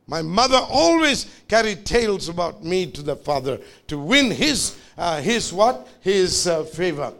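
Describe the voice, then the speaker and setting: Male pastor, high voice, preaching, urges the congregation to answer back. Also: big pitch swings, a little slow, creaky, few pauses, a bit bright. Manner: exhorting, calls for congregation responses. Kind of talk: sermon. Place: church service.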